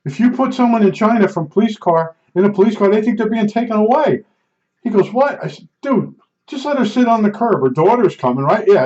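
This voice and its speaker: A middle-aged man telling a rambling personal anecdote, excitable, restarting sentences and acting out the dialogue. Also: on the high side. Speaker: storyteller recounting an incident. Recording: dull lo-fi recording.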